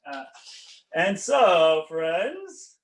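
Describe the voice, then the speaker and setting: A man, a rabbi, telling a story in a lesson, animated and often correcting himself mid-sentence. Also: high voice, extremely slow, a little hiss or hum.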